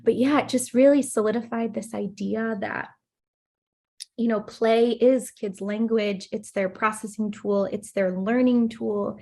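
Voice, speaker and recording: Her pitch is fairly high, her pace a little slow, and her voice creaky. A play therapist in her thirties, she shares a personal story during a podcast interview, bringing it to life by impersonating the people she quotes.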